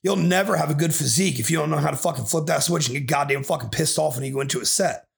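Gravelly kinda high-voiced guy coaching bodybuilders on a podcast, cursing nonstop, fired up. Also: quick pace. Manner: profane, aggressive, swears constantly. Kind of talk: ranting podcast talk.

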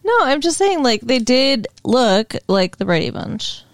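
A woman's voice: on the high side, big pitch swings, measured pace, dry recording. A woman co-hosting a casual movie review podcast, dry, blunt and sarcastic. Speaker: podcast co-host.

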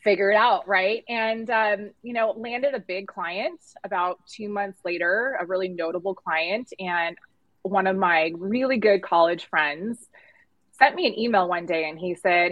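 A middle-aged woman, a podcast guest, telling her career story in a candid, animated way. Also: medium pitch, normal speed, no room sound, highs cut off. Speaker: podcast guest, agency founder. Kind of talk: casual interview storytelling.

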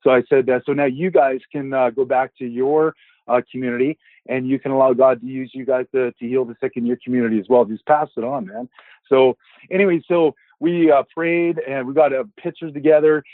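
A man's voice: medium pitch, steady tone, fairly quick, no room sound. A man sharing a Christian healing testimony in a casual, rambling way, acting out the dialogue as he goes. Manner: rambling storyteller who acts out dialogue. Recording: dry, tinny phone-line sound.

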